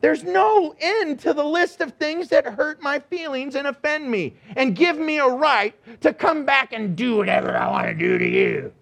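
A man preaching a sermon with dramatic swings from soft asides to shouts, often acting out voices. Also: extremely high pitch, lively intonation, normal speed, creaky, few pauses. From United States. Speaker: pastor.

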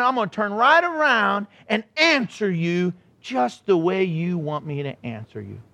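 High-voiced animated male pastor. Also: unhurried, vocal fry, few pauses, dry recording. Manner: animated, acts out quotes, joking. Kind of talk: sermon. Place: church.

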